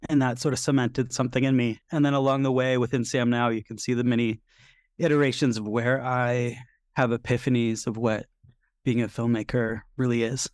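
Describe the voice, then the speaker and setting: A man's voice: mid-range voice, no room sound, studio quality. A man in his forties from Seattle, a director guest, telling stories animatedly in an interview and acting out the lines of the people in them. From Seattle, USA. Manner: animated storyteller, acts out quotes. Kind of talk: casual interview storytelling.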